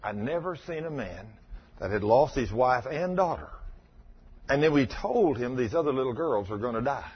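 A man preaching a sermon, telling stories in a fervent, animated way with a husky voice. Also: mid-range voice, moderate pace, muffled recording.

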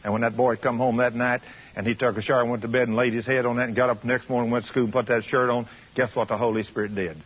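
A man's voice: mid-range voice, level tone, racing, slightly rough. A man preaching a fervent, folksy sermon on the radio. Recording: muffled radio broadcast.

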